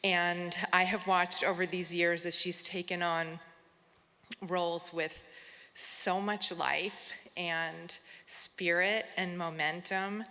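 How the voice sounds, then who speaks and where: A middle-aged woman presenting an award on stage, speaking heartfelt and unhurried, with soft fillers, into a podium microphone. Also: lowish voice, flat delivery. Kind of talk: tribute speech at an awards gala. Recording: long hall reverb, audience.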